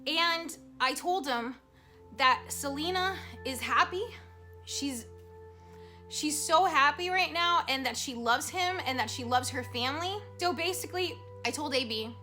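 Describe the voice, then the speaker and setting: A woman casually telling a personal story to camera as a psychic vlogger, animated and emotional, with many fillers. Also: sits high, a little slow. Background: soft background music.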